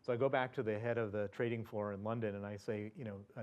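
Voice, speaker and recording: A man's voice: lowish voice, steady tone, quick pace, few pauses, a little mellow, a little hiss or hum. A man speaking as a guest at an event, telling a personal story in a chatty way, full of fillers, restarts and chuckles. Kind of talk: anecdotal storytelling to an audience.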